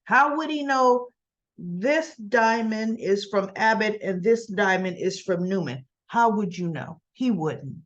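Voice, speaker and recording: A woman's voice: medium pitch, lively intonation, takes it slowly. Chatty woman recapping soap scenes, lo-fi. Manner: chatty, retells scenes in quoted lines with asides. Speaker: soap opera recap host. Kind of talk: casual spoken recap.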